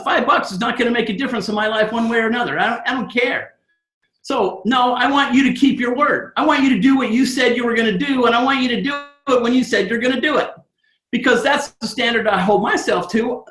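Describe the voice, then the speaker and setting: Man, high voice, network marketing trainer, motivational talk, animated, roomy echo. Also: a little fast. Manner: animated, fired-up storytelling.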